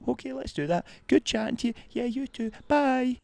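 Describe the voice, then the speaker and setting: A Scottish man voicing a fussy inner voice that chatters to itself in a high, sing-song way. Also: vocal fry, no room sound. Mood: chatty. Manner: high, sing-song, rapid back-and-forth.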